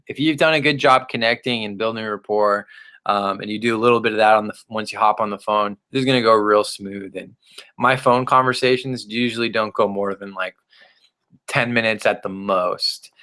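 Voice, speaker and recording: A man giving a casual, energetic training talk on network marketing, often restarting phrases and acting out the replies of prospects. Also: lowish voice, normal speed. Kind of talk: recorded training presentation.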